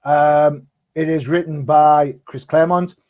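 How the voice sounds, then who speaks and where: A man's voice: on the high side, fairly even intonation, unhurried. Chatty man on a dull lo-fi line. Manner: chatty, jokey, lots of ums. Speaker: comic podcast co-host. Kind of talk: casual chat.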